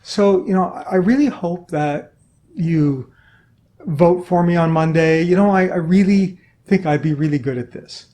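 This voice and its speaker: A man's voice: high-pitched, warm tone, slight background noise. A man voicing a hesitant male political candidate who stumbles over his closing plea with fillers. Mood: meek. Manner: halting, unsure, repeated fillers.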